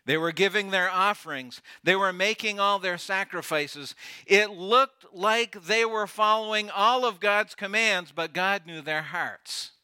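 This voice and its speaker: A man preaching a sermon as pastor, earnest, often dropping soft and low to stress a point. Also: measured pace, smooth.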